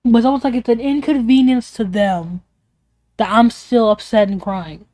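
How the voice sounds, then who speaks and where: A woman's voice: on the high side, fairly even intonation, normal speed, mellow, no echo, clean studio sound. A young woman streamer venting in a casual, rambling way, emotional and swearing often.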